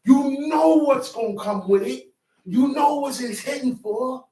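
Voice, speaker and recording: A man's voice: extremely high pitch, a little slow, mellow, echoey room, far from the mic, low-quality recording. A man preaching a sermon in an emphatic, streetwise manner, drawing call-and-response from his listeners. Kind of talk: sermon teaching.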